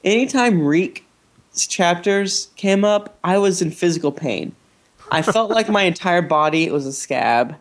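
A man hosting a casual podcast chat from a living room, talking in an animated, joking way and swearing freely. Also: a little high, slight background noise.

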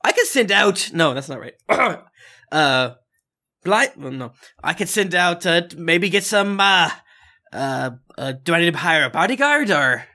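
A man narrates a tabletop session as its game master, his voice bright and clear. His delivery swings widely in pitch, and he laughs often between lines. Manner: animated, laughs often, quick character voices. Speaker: dungeon master.

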